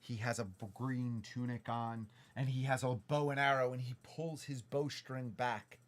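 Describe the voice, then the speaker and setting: A man's voice: mid-range voice, level tone, moderate pace. A man acting as dungeon master, narrating a tabletop game for his child with playful, dramatic storytelling and sound effects.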